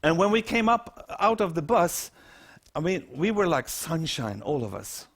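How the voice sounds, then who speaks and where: A man's voice: fairly high pitch, a little slow, gravelly. Swedish man telling a story on stage. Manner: lively anecdotal storytelling with acted quotes. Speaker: keynote speaker. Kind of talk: storytelling talk to an audience.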